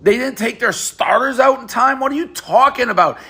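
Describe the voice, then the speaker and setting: A man ranting about a basketball game in an animated, mocking, profane way, with a husky voice. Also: very high-pitched, normal speed. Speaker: sports commentator. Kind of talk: heated rant.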